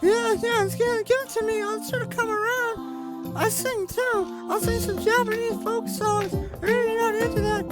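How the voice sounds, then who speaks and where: Bubbly squeaky teen girl musician, chatters without pause; a woman doing the voice. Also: steady tone. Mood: chattering. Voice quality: very high squeaky put-on voice. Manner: nonstop rapid chatter. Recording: loud game music behind.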